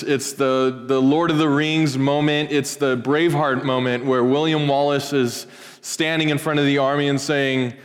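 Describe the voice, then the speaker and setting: A man pastor giving a sermon in a church sanctuary, telling the story in a lively way with pop-culture asides. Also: mid-range voice, clear, resonant tone. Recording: long reverb of a large hall.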